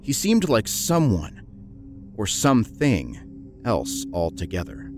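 A man narrating a horror story in a measured, grim storytelling manner. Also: fairly low pitch, huge pitch swings, over music.

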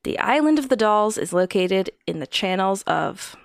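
A woman's voice: mid-range voice, expressive, normal speed, gravelly, no echo, studio quality. Giggly woman telling spooky stories. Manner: giggly, storytelling. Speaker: podcast co-host. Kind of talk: casual chat.

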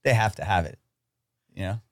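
A man's voice: lowish voice, moderate pace, dry recording, clean studio sound. A man co-hosting a podcast, telling a rambling comic story with swearing and playful put-on voices. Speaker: podcast co-host. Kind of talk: casual comedic podcast chat.

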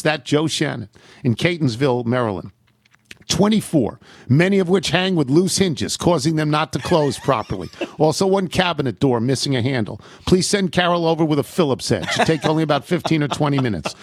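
A man hosting a radio show, reading listener emails aloud with a wry, amused delivery and the odd laugh. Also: mid-range voice. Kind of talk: reading listener mail aloud with dry humor.

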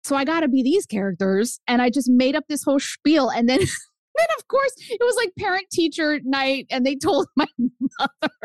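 A woman guest author chatting on a podcast, animated and telling stories while acting out quoted lines. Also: high voice, moderate pace, dry recording. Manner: animated storyteller, acts out quotes. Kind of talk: casual podcast chat.

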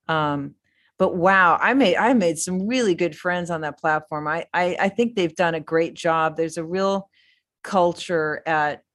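A woman's voice: lowish voice, a little slow, fairly bright tone. A middle-aged woman guest in a casual interview, rambling enthusiastically with many fillers and restarts. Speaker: filmmaker guest.

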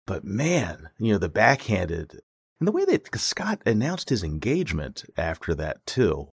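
A low-pitched man with a very animated, swooping delivery, talking as a guest reporter on a political podcast. He laughs easily and reasons out loud, revising his points as he goes. His talk stays casual and conversational. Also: measured pace, gravelly, slightly rough. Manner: lively, laughs easily, thinks aloud.

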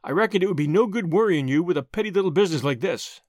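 A man's voice: high voice, expressive, fast talker, darkish tone, no room sound, studio quality. A man voicing a brash, wealthy young man in an audiobook, blunt and informal. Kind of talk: audiobook character voice.

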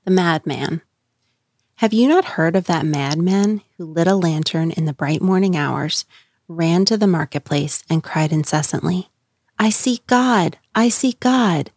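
Brief: expressive female reader, dry close sound. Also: deep voice, dry recording. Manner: measured, expressive. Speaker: quote reader. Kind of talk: dramatic reading.

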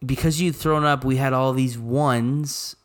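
A man from Arizona, co-hosting a podcast, retelling a night out in a casual, animated way full of quoted dialogue and swearing. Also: medium pitch, unhurried. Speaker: podcast co-host. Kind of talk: casual storytelling chat.

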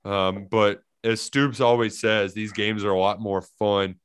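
A man co-hosting a casual sports podcast, telling stories in an animated way and laughing often. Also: on the low side, unhurried, smooth. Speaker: podcast co-host.

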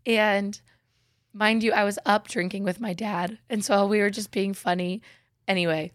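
A woman's voice: medium pitch, steady tone, normal speed, no room sound, studio quality. A young woman co-hosting a podcast, chatting casually and playfully and swearing freely. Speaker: podcast co-host. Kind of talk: casual chat.

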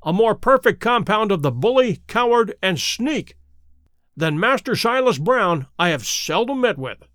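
A man reading a classic detective story aloud as first-person narrator, expressive and clearly enunciated, close to the mic. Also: high voice, unhurried, dry recording. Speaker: audiobook reader.

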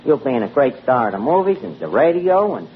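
A man's voice: mid-range voice, sing-song, a little fast. A man, hesitant and full of "uh"s, talking in folksy broken grammar. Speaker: tavern manager in a radio comedy. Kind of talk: 1940s radio comedy acting. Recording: tinny lo-fi old radio broadcast with hiss.

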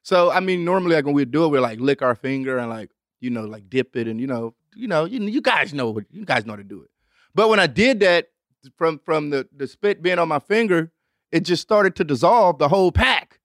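Man, host, young adult, animated profane storytelling, slightly high voice, dry sound. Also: fairly quick, no echo. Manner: animated, profane, acts out voices with big pitch jumps. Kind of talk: storytelling monologue.

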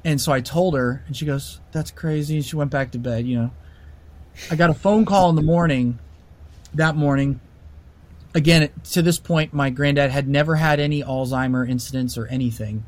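Animated man telling a story casually. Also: mid-range voice, normal speed. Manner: animated, lots of fillers and restarts.

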